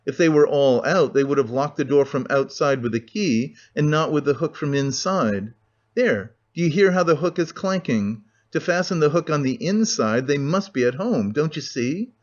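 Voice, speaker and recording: A man's voice: fairly high pitch, expressive, moderate pace. A man voicing a cheerful young man with a ringing voice, on a dull lo-fi recording. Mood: eager.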